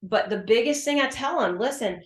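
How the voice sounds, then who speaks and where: A hormone health practitioner explains things in a casual interview, speaking emphatically and acting out her conversations with patients. Her voice is medium-pitched and fairly quick. The recording has a roomy echo.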